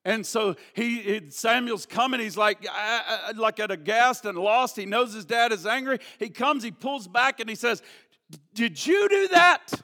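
A man preaching a sermon at a church service. He moves from hushed prayer to loud, emphatic preaching and repeats words as he builds emphasis. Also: high voice, normal speed, few pauses. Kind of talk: sermon with a prayer and a storytelling illustration.

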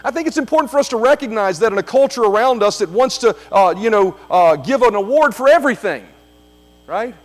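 A man's voice: sits high, lively intonation, brisk, faint music behind. A man preaching a sermon as pastor, emphatic, repeating key phrases, with frequent fillers.

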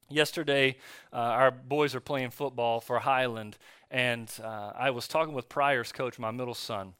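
A male pastor preaching a conversational sermon, telling a story in a relaxed way with fillers and restarts. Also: mid-range voice, smooth, no room sound, clean studio sound. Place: church.

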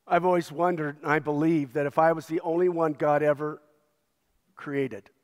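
A man's voice: a little high, steady tone, normal speed, long reverb tail. A male pastor preaching a sermon with an emphatic, repetitive cadence.

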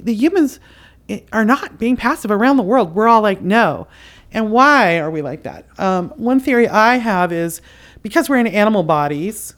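A woman hosting a podcast, giving a spiritual commentary monologue in an impassioned, emphatic, casual way with frequent fillers. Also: mid-range voice. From outside the US. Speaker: podcast host.

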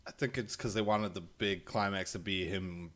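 Low-voiced man chatting on a podcast. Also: normal speed, a little hiss or hum. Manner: relaxed, chatty, reads favorite movie lines aloud. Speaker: podcast co-host. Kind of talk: casual chat.

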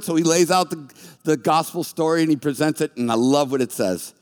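Male pastor, fairly high voice, animated storyteller, big reverberant hall. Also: brisk. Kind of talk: sermon. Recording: long reverb of a large hall.

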